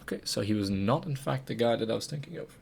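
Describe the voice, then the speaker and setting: A man commenting on a game he plays, loud and crude, with swearing asides. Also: on the low side, fast talker, gravelly, a little hiss or hum. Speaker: let's play host. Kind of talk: let's play commentary. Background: game music.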